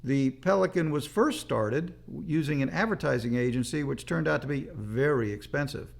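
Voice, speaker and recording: An older man calmly telling stories about his father and family history in a documentary interview. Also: mid-range voice, normal speed, gravelly. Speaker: son recalling his father.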